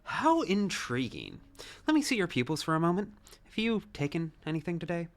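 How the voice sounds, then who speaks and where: While voicing game dialogue with friends, a man plays a stern, dry doctor hunting for a lost child. His fairly high voice is very animated, yet the delivery is probing, clinical, and condescending, slow and deliberate.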